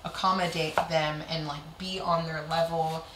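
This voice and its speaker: A woman's voice: low voice, moderate pace, very noisy. A young adult woman, a stand-up comic, telling stories in a casual chat and swearing freely. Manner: animated storyteller, swears freely. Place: kitchen. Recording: roomy kitchen with clattering dishes.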